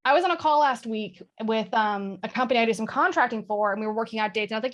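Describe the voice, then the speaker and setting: A woman talking candidly as a guest on a video call, self-mocking and quick to laugh. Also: on the high side. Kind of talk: casual chat on a video call.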